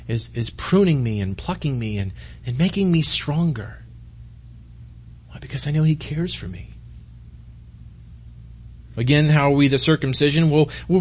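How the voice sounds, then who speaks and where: A middle-aged male pastor preaching a conversational sermon, rambling with many restarts and sinking into quiet, intense stretches. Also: on the high side, slightly rough.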